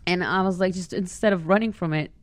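A woman guest in a casual conversation, telling lively stories and acting out the voices she quotes. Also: lowish voice, quick pace, no room sound. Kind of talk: casual chat.

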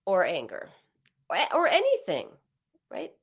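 A woman's voice: mid-range voice, huge pitch swings, measured pace, slightly rough. A middle-aged woman hosting a live advice conversation, talking in a reassuring way and acting out comforting words. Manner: warm, reassuring, acts out comforting quotes. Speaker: host and therapist.

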